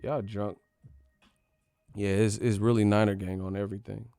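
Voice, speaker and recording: A man's voice: lowish voice, little pitch movement, normal speed, dark tone, soft background music. A man hosting a boxing channel, ranting casually with profane, mocking, slang-heavy talk. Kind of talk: casual rant to camera.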